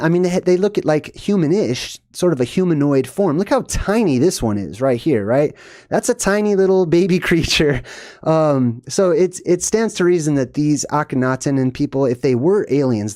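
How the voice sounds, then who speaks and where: A man's voice: mid-range voice, mellow, no room sound, studio quality. A man hosting a video, talking casually over pictures in a rambling way, with lots of fillers and a habit of ending points with "right?". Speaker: video host. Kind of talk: casual commentary over slides.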